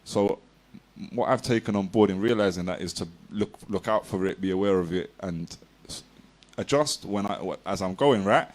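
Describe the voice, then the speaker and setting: A man's voice: sits low, moderate pace, darkish tone. A man being interviewed, talking in a casual, slangy, reflective way and often laughing. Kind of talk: casual conversation.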